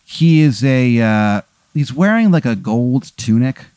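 A man's voice: medium pitch, expressive, measured pace, a little mellow, no echo, studio quality. A man narrating a comedic tabletop game as game master, rambling with fillers and crude jokes.

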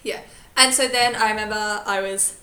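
A woman's voice: medium pitch, normal speed, echoey room, low-quality recording. A young woman, a teacher and podcast co-host, chatting casually and acting out the people in her stories. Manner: animated storyteller, acts out quoted voices. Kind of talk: casual chat.

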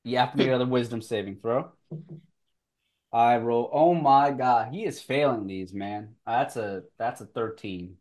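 A man running a tabletop game as game master, swearing and laughing often, with loud outbursts. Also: mid-range voice, unhurried.

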